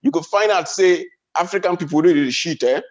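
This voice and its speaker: Nigerian pidgin comedian guy, high pitched, storytelling big and bouncy, kinda muffled audio. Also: a little fast. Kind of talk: stand-up comedy.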